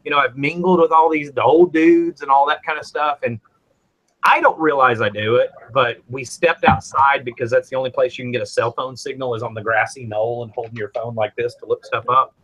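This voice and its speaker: A man with a Southern US accent hosting a casual show and telling stories with lively swings between loud and quiet. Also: medium pitch, brisk, slight background noise, rough recording. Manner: animated storytelling, swings from loud to quiet asides. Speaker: host. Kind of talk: casual chat.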